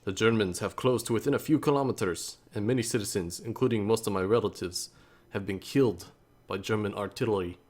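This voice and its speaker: A man's voice: on the low side, fairly quick, a little mellow, close to an everyday voice. A man reading a young Soviet recruit's letter aloud in a mock-solemn put-on voice.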